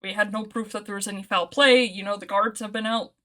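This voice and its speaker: A woman voicing a calm mechanical guard captain who tries to soothe an angry crowd. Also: medium pitch, fast, lightly acted. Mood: placating. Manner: placating, explaining. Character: calm robotic guard captain, unsure of gender.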